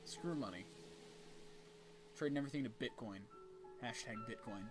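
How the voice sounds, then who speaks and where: A young man doing comedic, profane let's play commentary with excitable, silly outbursts. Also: mid-range voice, normal speed. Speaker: game let's play host. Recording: game music under the voice.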